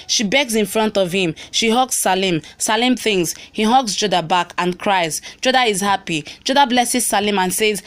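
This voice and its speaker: Lady reading out a soap recap, steady and plain, quotes everybody in the same voice. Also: mid-range voice, moderate pace. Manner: reads steadily, quoting every character in her own voice. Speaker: narrator of a TV episode recap. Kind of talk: plain read-aloud story recap.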